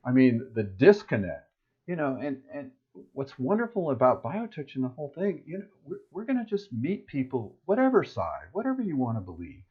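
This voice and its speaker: A man co-hosts a casual spiritual talk, his speech loose and meandering as he chats. His voice sits at a middling pitch. The recording is somewhat dull and lo-fi. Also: wildly swooping pitch, a little fast, slightly rough. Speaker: co-host.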